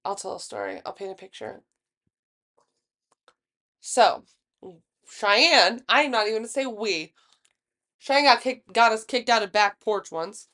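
A young woman co-hosts a casual podcast chat with a slightly high voice. She tells stories with animated energy, acting out what each person said and swearing freely. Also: measured pace, pauses often. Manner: animated storyteller, swearing, acts out quotes. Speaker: podcast co-host.

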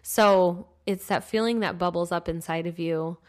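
A woman in her thirties co-hosting a parenting podcast, reading the sponsor spot and telling stories in an animated, emphatic way. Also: lowish voice, moderate pace. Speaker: podcast co-host. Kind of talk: casual podcast chat and read ad.

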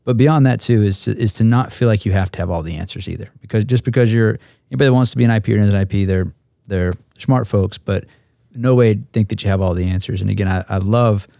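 Male instructor pilot, dark gravelly tone, dry close mic, rambling anecdotal delivery. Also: on the low side, no room sound. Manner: halting, repeats words, restarts. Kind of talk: roundtable storytelling.

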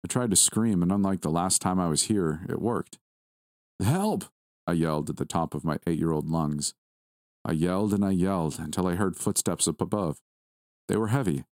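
A man reading a first-person horror story aloud at a steady, measured pace. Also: low voice, dry recording, studio quality. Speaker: story narrator.

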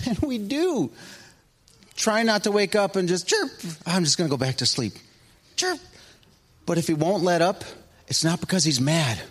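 Animated middle-aged man preaching. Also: a little high. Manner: animated storytelling, swinging between loud and hushed. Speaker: pastor. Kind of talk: sermon.

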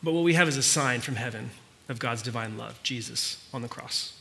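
Bright-voiced man preaching a sermon. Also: mid-range voice, brisk, vocal fry. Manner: storytelling, conversational with quiet earnest passages. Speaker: pastor.

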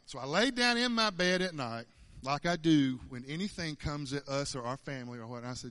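A man's voice: on the high side, lively intonation, brisk, sharp tone. A man, telling a folksy testimony at church, stammering and repeating words with frequent chuckles. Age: 50s. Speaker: church speaker. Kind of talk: conversational testimony.

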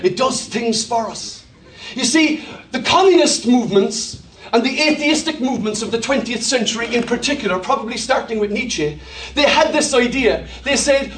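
A man with an Irish accent preaching a sermon to a church, telling jokey stories in an animated way, often laughing as he talks. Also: very high-pitched, normal speed, far from the mic. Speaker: pastor. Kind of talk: sermon with humorous storytelling. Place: large church hall. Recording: echoey church hall, from off-mic.

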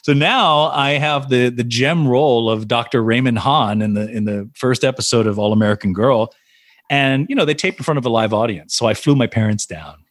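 A male actor guest tells stories in a relaxed chat. He is animated and often laughs mid-sentence. His voice sits mid-range, recorded dry and close. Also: medium pitch, fairly quick, no echo. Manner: animated, laughs often while telling anecdotes. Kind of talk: casual interview storytelling.

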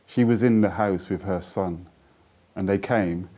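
A middle-aged man speaks as an interview guest, his low voice mellow and rounded. He talks earnestly, telling stories and slipping into recitation of his own poetry. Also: a little slow. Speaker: guest, poet. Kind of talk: interview conversation.

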